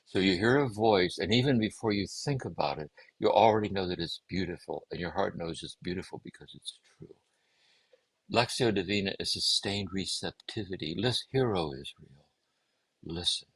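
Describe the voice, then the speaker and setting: A man speaking as a guest, giving a gentle, meditative talk on contemplative prayer and often circling back to repeat his phrases. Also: low-pitched, moderate pace, slightly rough, no room sound, poor audio. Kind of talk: reflective spiritual teaching.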